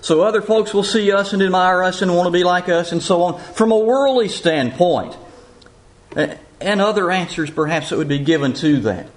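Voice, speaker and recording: A man preaching a sermon, asking rhetorical questions and reading scripture aloud slowly and deliberately. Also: sits high, expressive, rough recording.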